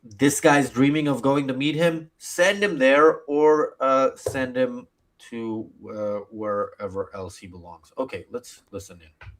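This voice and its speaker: Male host, rambling stream commentary, halting delivery. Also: mid-range voice. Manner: rambling, hesitant, filler-heavy.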